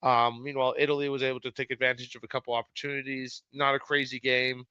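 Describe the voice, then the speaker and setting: A man hosting a casual sports recap show, talking loosely and swearing freely in animated outbursts. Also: medium pitch, fast talker, clean tone, dry recording. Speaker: sports podcast host. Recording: dull lo-fi sound, dry.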